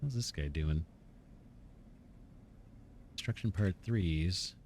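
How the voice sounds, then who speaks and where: Thinking out loud while he builds, a let's play host muses and catches his own mistakes in casual commentary. He speaks low and slowly with a darkish tone, his voice a bit worn as it starts to go, over a little hiss or hum.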